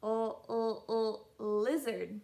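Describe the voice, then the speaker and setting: A young woman teaching a children's phonics lesson, sounding out letters in a slow, encouraging sing-song way. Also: fairly high pitch, gravelly, warm tone. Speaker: kindergarten teacher.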